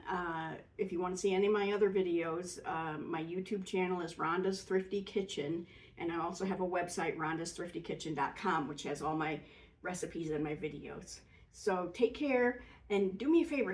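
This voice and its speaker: A woman's voice: lowish voice, normal speed, darkish tone. A woman hosting a casual home cooking demonstration, explaining each step plainly and chattily with easy fillers, in a kitchen. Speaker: cooking channel host. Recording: voice a bit far from the mic.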